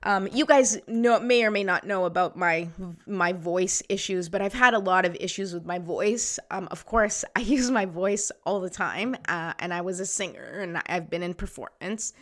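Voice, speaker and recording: A woman hosting a relaxed pep talk for her viewers keeps things chatty and upbeat, frequently asking "right?" along the way. Her mid-pitched voice moves at an ordinary speed and now and then thins out or fails.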